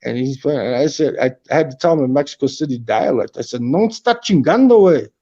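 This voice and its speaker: Gravelly, profane man chatting on a livestream. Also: medium pitch, fairly even intonation, brisk, warm tone, dull audio. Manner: profane, rambling storytelling. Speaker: livestream host. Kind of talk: casual chat. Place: apartment.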